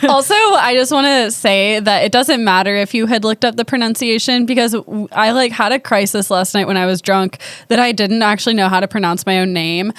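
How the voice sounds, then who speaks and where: A woman co-hosting a podcast in a casual comedic chat, chiming in with quick teasing remarks. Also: medium pitch, a bit bright, dry recording. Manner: quick teasing interjections, playful. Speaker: podcast co-host.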